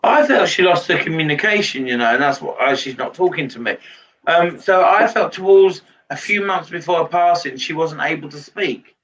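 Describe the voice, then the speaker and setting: Guy doing a live medium reading, kinda high voice, lots of ums, sounds far off and muffled. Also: expressive, fairly bright tone. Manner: halting, relays messages with many pauses and fillers. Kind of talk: live spirit reading to a sitter. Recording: distant mic, dull lo-fi sound.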